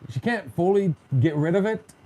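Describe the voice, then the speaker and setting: A man's voice: high voice, moderate pace, dark tone. A man hosting a casual podcast, telling stories in a chatty, joking way and mimicking other people in quotes. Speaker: podcast host. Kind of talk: casual storytelling chat.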